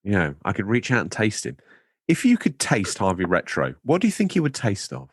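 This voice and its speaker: A male podcast co-host in loose, casual chat, playful and rambling as he wanders into absurd tangents. His voice is on the low side but swings widely in pitch, and the recording is close and dry. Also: huge pitch swings, a little fast, husky, no echo.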